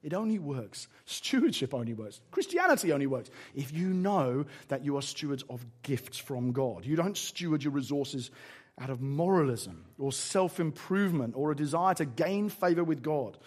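Animated English preacher, husky voice. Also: male voice, a little high, normal speed. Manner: animated storytelling with acted-out asides. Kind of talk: sermon.

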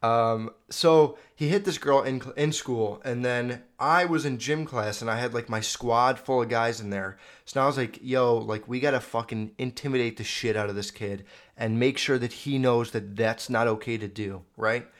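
A young man talks straight to his podcast mic, telling stories in a loose, rambling way. He swears freely and often stops to correct himself. His voice sits at a plain middle pitch. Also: moderate pace. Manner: rambling, profane, self-correcting. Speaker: podcast host. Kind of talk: casual storytelling monologue. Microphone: video podcast mic.

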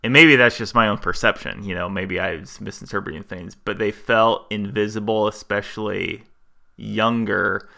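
A man on a podcast talks slowly and reflectively, often breaking off and restarting his thoughts. His voice is bright and forceful, with a smooth, resonant tone, and he sits a little low in pitch. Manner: thoughtful, searching, with many restarts. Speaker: podcast co-host.

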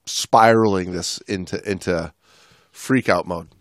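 A man's voice: deep voice, unhurried, dry recording, clean studio sound. A man co-hosting a podcast as a dive instructor, talking casually and rambling with many restarts. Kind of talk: casual chat.

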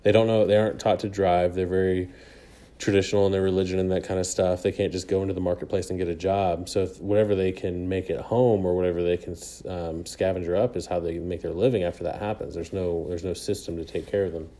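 A man's voice: deep voice, level tone, quick pace, mellow. A young man casually telling a travel story on a podcast, rambling with lots of fillers and frequent laughs. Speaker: podcast co-host.

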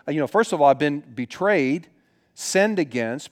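A man's voice: fairly high pitch, animated, unhurried. A middle-aged man preaching a sermon as a pastor, telling personal stories in an earnest, conversational way with frequent restarts.

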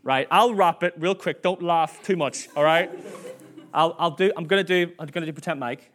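A man's voice: a little high, normal speed, a bit bright. A man preaching a sermon in church, chatty and self-mocking, acting out quoted voices as he tells stories.

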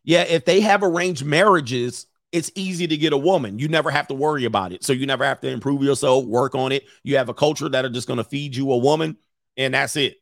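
A man's voice: medium pitch, fast, gravelly, no echo, clean studio sound. A middle-aged man hosting a casual stream, reading viewer comments and giving blunt, rambling opinions.

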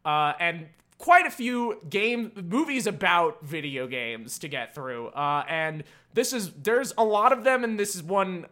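Bright-voiced man hosting a casual podcast. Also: sits high, lively intonation, measured pace, few pauses. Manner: wry, rambling, frequent laughs and hedges. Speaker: podcast host.

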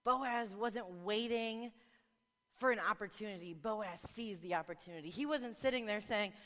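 A woman delivers a sermon, weaving in a family story and slipping into lively voices for each person in it. Her voice sits in the middle range. It rings with the long reverb of a large hall. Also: mid-range voice, normal speed. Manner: animated storytelling, acting out family members. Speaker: preacher.

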